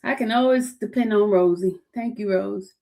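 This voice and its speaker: A woman's voice: mid-range voice, moderate pace, vocal fry, warm tone. A woman hosting a casual livestream chat, talking straight to her viewers, calling them by name and repeating herself as she goes. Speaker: livestream host. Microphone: streaming setup.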